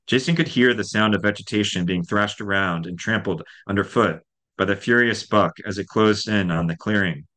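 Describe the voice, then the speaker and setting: Deep-voiced man reading his novel. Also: moderate pace, pushed and bright. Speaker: author and guest.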